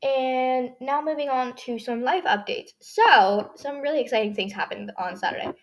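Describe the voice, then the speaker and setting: A woman's voice: high-pitched, normal speed, background noise. Chatty teen girl with a dry throat. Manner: chatty, rambling, heavy use of "like". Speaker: podcast host. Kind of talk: casual solo podcast chat.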